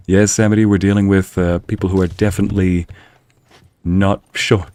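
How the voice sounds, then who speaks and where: A man giving wry, animated commentary while streaming a video game, often talking to himself. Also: deep voice, moderate pace, no echo. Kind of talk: gameplay commentary.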